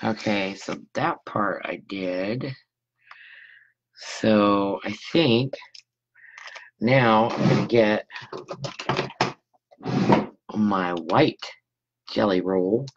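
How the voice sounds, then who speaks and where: A woman's voice: very deep voice, extremely slow, pauses often. Chatty woman hosting a crafting stream. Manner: chatty, talks to viewers while working. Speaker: scrapbooking host. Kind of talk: casual live craft stream. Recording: dull lo-fi sound.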